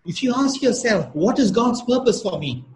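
A man preaching a sermon at a slow, emphatic pace, repeating key phrases for weight. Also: very high-pitched, animated, slight background noise, rough recording. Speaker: pastor.

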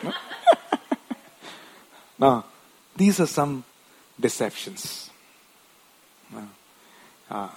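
A man's voice: mid-range voice, darkish tone, slightly rough. A man preaching a sermon in a conversational way, often tagging his points with short questions and restarting his sentences. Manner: wife mentioned.

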